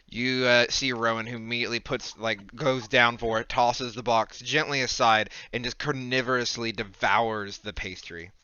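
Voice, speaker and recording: A man's voice: mid-range voice, steady tone, normal speed, hardly any pauses, pushed and bright, smooth, no room sound. A man narrating as game master in a casual, hesitant way, with many fillers. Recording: dry, dull lo-fi mic.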